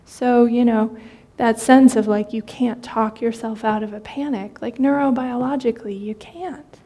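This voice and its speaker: A woman meditation teacher speaks in a fairly high, mellow voice with a soft, breathy edge. She gives a dharma talk in a gentle, conversational way, often pausing on fillers and restarting her sentences. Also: steady tone.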